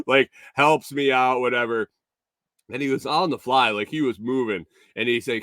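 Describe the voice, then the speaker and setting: Host, male, bright and forceful, crisp and dry sound; chatty storyteller who laughs at himself. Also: fairly low pitch, fairly even intonation, moderate pace, no room sound. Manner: rambling, chuckling, self-correcting. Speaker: morning show host. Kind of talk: casual storytelling to a live chat.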